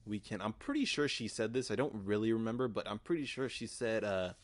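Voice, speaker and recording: Young guy in his 20s rambling a story, cussing a lot, lowish voice, really dry sound. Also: brisk, dry recording. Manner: rambling, profane, lots of fillers. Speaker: podcast host. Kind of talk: casual storytelling monologue.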